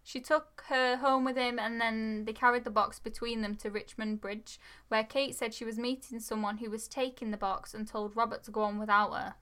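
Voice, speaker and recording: A woman with a bright, crisp voice hosts a casual true-crime chat. She walks through the case notes in a relaxed way and breaks into laughter often. Her tone stays easy and conversational. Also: a little high, normal speed, hardly any pauses. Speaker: podcast co-host.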